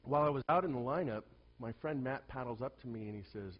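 A male pastor preaching to a congregation and telling personal stories, swinging from hushed asides to loud, animated bursts. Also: medium pitch, fast talker, muffled recording, a little hiss or hum. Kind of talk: sermon with personal storytelling.

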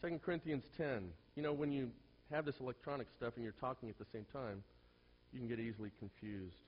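A male pastor preaching to a congregation and telling personal stories, swinging from hushed asides to loud, animated bursts. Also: mid-range voice, fast talker, muffled recording. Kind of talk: sermon with personal storytelling.

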